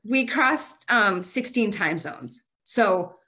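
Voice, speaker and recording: A woman's voice: medium pitch, expressive, takes it slowly, sharp tone. A woman guest on a podcast, telling a long story in an earnest, emotional way, with run-on sentences that tumble one into the next. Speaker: guest, marathon runner.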